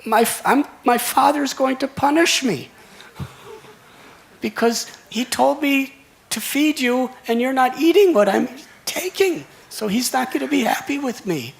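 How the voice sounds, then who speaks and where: A man's voice: high-pitched, huge pitch swings, moderate pace, vocal fry, few pauses, voice pushed up, exaggerated voice. A man voicing a crying five-year-old boy, stammering as he pleads in tears. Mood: tearful pleading. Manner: breathless, stammering pleas. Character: little boy, about five, weeping and pleading.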